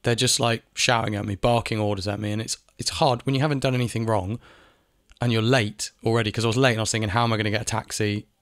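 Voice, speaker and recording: Low-voiced man ranting, dry sound. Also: fairly even intonation, fast, a bit bright, no echo. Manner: ranting, repeats phrases, swears. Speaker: video essayist. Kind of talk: casual monologue. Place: home in Spain.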